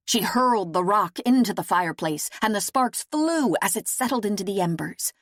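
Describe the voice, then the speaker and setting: A woman narrating an audiobook in a slow, even storytelling manner. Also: medium pitch, no room sound. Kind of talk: scripted narration.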